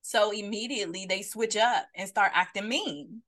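A woman's voice: medium pitch, normal speed, a bit bright. A woman co-hosting a live podcast, talking bluntly and animatedly and putting questions to her listeners over a video call. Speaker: podcast co-host. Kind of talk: casual chat on a live stream.

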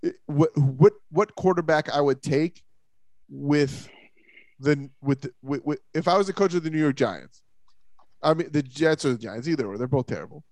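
A man's voice: on the high side, normal speed, darkish tone, no echo. A man hosting a casual sports podcast, opinionated and emphatic, often stumbling over restarts. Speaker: podcast host.

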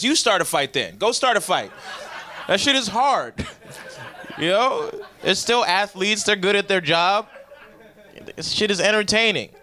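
A man's voice: sits high, pushed and bright. A young man doing a stand-up comedy set, talking in a loose, profane, conversational way and acting out the voices he quotes.

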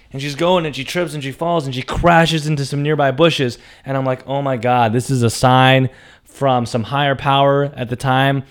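A young man telling a personal story, animated, acting out quotes with loud outbursts. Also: mid-range voice. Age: young adult. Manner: animated, acts out quotes with big loud jumps.

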